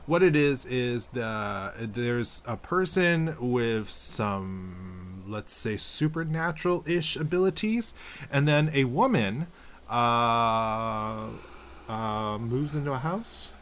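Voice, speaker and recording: A man in his thirties hosting a podcast in casual chat, animated and rambling, with many restarts. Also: mid-range voice, takes it slowly, slight background noise. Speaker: podcast host.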